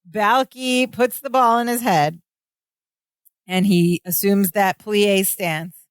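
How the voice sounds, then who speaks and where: A woman's voice: mid-range voice, slow pace, no echo, studio quality. A woman co-hosting a podcast, casually retelling sitcom scenes and quoting the characters. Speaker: podcast co-host. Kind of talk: casual chat recapping a sitcom episode.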